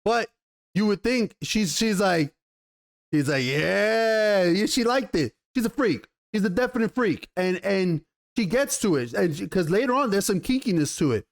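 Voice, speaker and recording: A man giving a casual, animated TV episode review in slangy talk, often repeating himself. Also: high voice, moderate pace. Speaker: TV show reviewer.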